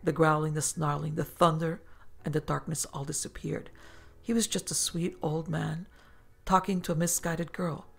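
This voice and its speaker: A woman host narrating a first-person horror story in a measured, dramatic way. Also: sits low, steady tone, gravelly, breathy edge, faint music behind.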